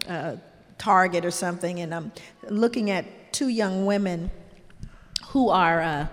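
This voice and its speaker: An older woman, a grandmother, telling stories in an earnest, heartfelt way, full of "you know" asides. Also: mid-range voice. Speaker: guest. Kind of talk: reflective storytelling in conversation. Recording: long hall reverb.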